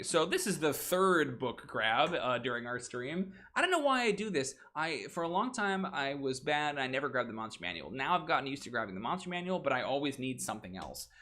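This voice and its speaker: A man's voice: medium pitch, sharp tone. A man hosting a casual livestream, thinking aloud about game monster stats with goofy asides. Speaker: stream host redesigning game monsters.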